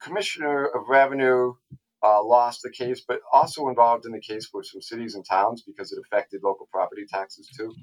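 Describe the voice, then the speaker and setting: A man, a tax attorney guest on a podcast, explaining a legal case in a casual, halting way with frequent restarts and asides. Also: mid-range voice, low-quality recording.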